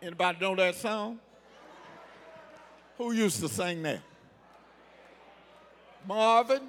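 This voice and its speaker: A male pastor delivering a sermon in a call-and-response style, shouting his points to the congregation and then dropping to quiet storytelling. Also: high voice, slow, pauses often, some chatter behind, slight background noise. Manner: drops to quiet storytelling between outbursts.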